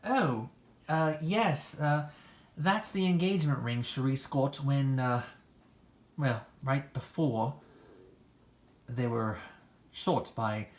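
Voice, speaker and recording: A smooth-talking, flirtatious man gushes in a low, theatrical voice, as a woman acts him. The hobby voice drama is recorded in an echoey room. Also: darkish tone, heavily acted. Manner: theatrical, gushing.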